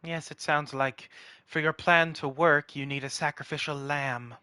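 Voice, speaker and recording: Bright-voiced man, blunt and dry. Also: on the high side, steady tone, a little slow, clear, resonant tone, no room sound. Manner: blunt, dry, matter-of-fact. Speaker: player. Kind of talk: tabletop role-play in character.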